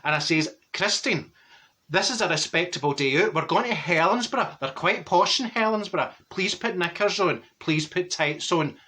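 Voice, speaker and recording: A man's voice: high voice, lively intonation, moderate pace, bright, forceful tone. A man playing a gossiping middle-aged Glasgow woman with a Glaswegian accent, telling rambling comic stories with lots of exclamations. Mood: gossipy. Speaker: comedy character monologue. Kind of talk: comic character storytelling.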